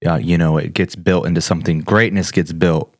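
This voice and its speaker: A low-voiced man in his thirties chats on a faith podcast, sounding earnest and encouraging. The sound is dry and close, with no room in it. He rambles a little and fills gaps with "you know". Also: fairly even intonation, fairly quick, dry recording. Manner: earnest, encouraging, chatty with fillers. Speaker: podcast co-host. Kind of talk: casual faith podcast chat.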